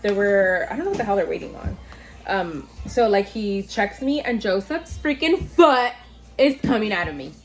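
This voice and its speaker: Animated woman telling a storytime. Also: medium pitch, moderate pace. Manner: animated, swears freely, acts out quotes. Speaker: vlogger telling her birth story. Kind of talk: casual storytime.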